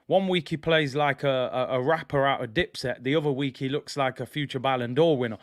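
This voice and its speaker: A young man hosting a live football watch-along, chatting excitedly to viewers in slang. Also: mid-range voice, fairly quick, no echo, clean studio sound. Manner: excitable, slang-heavy, addresses viewers directly. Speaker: football fan channel host.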